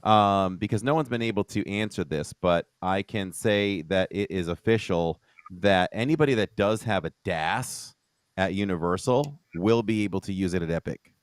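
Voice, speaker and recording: A man's voice: low-pitched, moderate pace, clean tone, no room sound. A man co-hosting a podcast in casual, joking chat. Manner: lively, joking, hesitant fillers. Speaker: podcast host.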